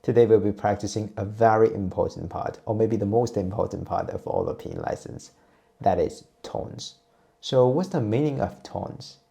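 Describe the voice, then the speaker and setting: Low raspy guy, patiently walking learners through sounds. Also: moderate pace. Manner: patient, steady teaching voice, repeats drill sounds. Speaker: Chinese teacher. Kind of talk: explaining and modeling pronunciation.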